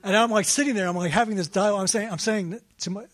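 Older guy preaching a story, high voice, lively, self-mocking laughs. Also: fast, few pauses. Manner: animated, laughing at himself. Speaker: speaker at a faith gathering. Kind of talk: storytelling sermon.

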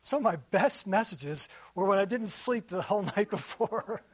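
A middle-aged pastor with a fairly high voice for a man delivers a sermon. He talks to the congregation conversationally and sinks softer and lower on the lines he wants to land. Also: expressive, moderate pace, slightly rough. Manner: conversational preaching, drops to soft emphasis on key lines.

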